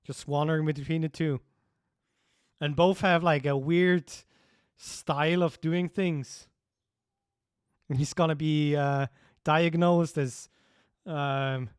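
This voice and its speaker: A young man talks casually on a livestream, thinking out loud and chuckling at his own ideas. His voice is smooth and resonant, a touch higher than most men's. The sound is dry and close. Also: no room sound. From Switzerland. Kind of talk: casual stream chat.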